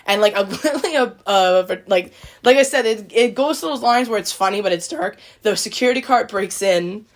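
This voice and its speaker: A woman's voice: mid-range voice, lively intonation, brisk. A woman hosting a podcast in casual chat, retelling a story with many likes and quoted voices. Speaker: podcast host.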